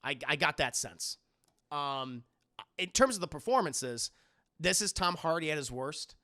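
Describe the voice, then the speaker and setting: A man's voice: a little high, lively intonation, a little slow, pushed and bright. A man giving a casual, rambling movie review on a live stream. He repeats himself, swears, and breaks off to chat with his viewers.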